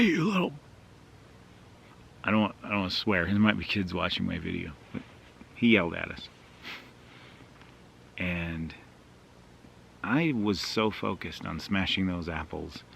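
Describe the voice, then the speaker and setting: A man's voice: deep voice, vocal fry, fairly bright tone, slight background noise. A man vlogging outdoors at a mountain campsite, casually telling a rambling, self-deprecating story with fillers.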